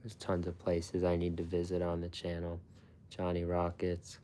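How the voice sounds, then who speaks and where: A man chats loosely with his viewers, his voice sitting low and deep. He rambles, swears freely and breaks into laughter often, his talk full of "like" and restarts. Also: monotone, moderate pace, dark tone, a little hiss or hum. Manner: rambling and profane, laughs often, many fillers. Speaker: food channel host. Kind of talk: casual live-stream chat with viewers.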